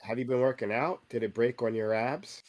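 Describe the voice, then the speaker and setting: A congested, tired man hosting a casual chat, speaking haltingly with many fillers. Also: medium pitch, a little mellow, highs cut off. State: congested and sleep-deprived. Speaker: show host.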